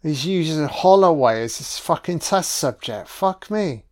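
A man's voice: a little high, lively intonation, a little slow. Bloke swearing his way through a movie commentary, chatty. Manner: sweary, exclaiming reactions at the screen. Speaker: film commentator. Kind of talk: casual audio commentary.

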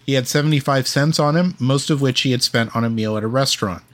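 A man's voice: mid-range voice, quick pace. Man reading history notes with many ums. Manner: reads facts with many ums and uhs. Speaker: podcast co-host.

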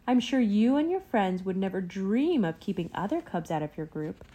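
A woman voicing a patient mother bear in a storybook reading, speaking softly and soothingly. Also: medium pitch, very animated, moderate pace.

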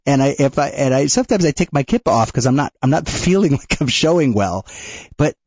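A man co-hosting a radio talk show, telling a personal story in a halting way, with restarts and nervous laughs. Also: mid-range voice, gravelly, darkish tone, slightly rough, dry recording, highs cut off. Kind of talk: conversational storytelling.

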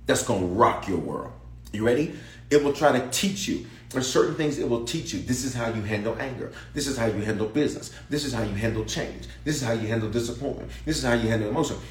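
A pastor preaches a sermon in a large church sanctuary, emphatic and repetitive, repeating phrases and calling out to his congregation. His mid-range voice is fast, with a little hiss or hum, and the sanctuary sounds echoey.

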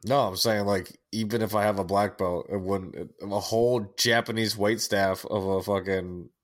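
A man's voice: lowish voice, steady tone, moderate pace. A young man co-hosting a podcast in casual chat, rambling and laughing at himself. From United States. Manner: rambling, self-mocking, laughs often. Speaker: podcast co-host.

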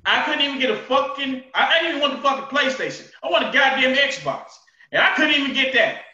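A man co-hosting a casual podcast, ranting loudly and profanely, with shouted outbursts and laughter. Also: very high-pitched, lively intonation, quick pace. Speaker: podcast co-host. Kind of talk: casual chat. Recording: roomy, distant, dull sound.

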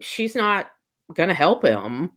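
A woman's voice: fairly low pitch, very animated, slow pace, a bit bright. A woman in casual chat, animatedly retelling a novel's plot and quoting the characters in her own voice. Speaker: book discussion co-host.

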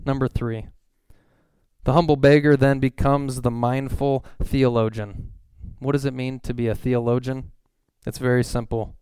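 A man preaching a sermon in a conversational way, reading scripture verses slowly and acting out the people he quotes. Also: medium pitch, little pitch movement, a little mellow, clean tone, no echo. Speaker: pastor.

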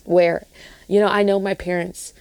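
A woman's voice: medium pitch, level tone, moderate pace, darkish tone, smooth, no echo. A young woman sharing a Christian testimony in an earnest, rambling way, often restarting her sentences. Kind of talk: casual spoken testimony.

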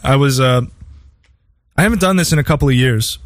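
A man of ordinary pitch hosts a loose podcast conversation. He tells his stories in a chatty, meandering way and laughs at his own punchlines. The sound is dry and close. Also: brisk, no echo. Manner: anecdotal storytelling, chuckling often. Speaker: podcast host. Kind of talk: casual podcast chat.

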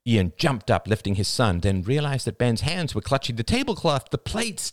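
A man reading a novel aloud as an audiobook, with expressive, dramatic storytelling. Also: mid-range voice, moderate pace, hardly any pauses, no room sound, clean studio sound. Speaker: audiobook narrator. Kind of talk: scripted audiobook narration.

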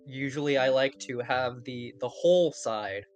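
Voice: mid-range voice, a little slow. A podcast co-host in a casual chat, rambling and profane, often breaking into laughter.

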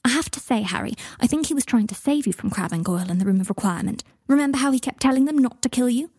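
A woman's voice: fairly high pitch, expressive, fast, darkish tone, husky, no room sound, clean studio sound, voice pushed up. A woman playing a clever caring young witch. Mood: earnest.

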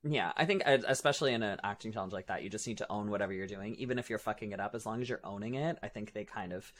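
A man's voice: fairly low pitch, very fast. Male co-host, drag performer, casual rambling delivery, filler-heavy. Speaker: podcast co-host. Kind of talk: casual chat.

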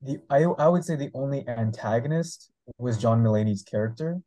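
Mellow, measured man, dry sound. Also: medium pitch, no room sound, rough recording. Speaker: podcast co-host. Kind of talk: casual film review chat.

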